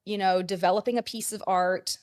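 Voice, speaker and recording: A woman's voice: mid-range voice, steady tone, a little fast, no echo, studio quality. A woman counselor and play therapist explaining ideas in a conversational interview, with frequent "like" fillers.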